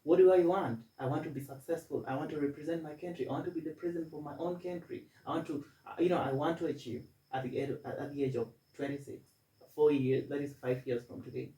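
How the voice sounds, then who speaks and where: Young man, student guest, self-assured, stammering restarts, mellow voice, echoey room. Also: fairly high pitch, fairly even intonation, quick pace, distant mic. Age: 20s. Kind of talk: casual interview.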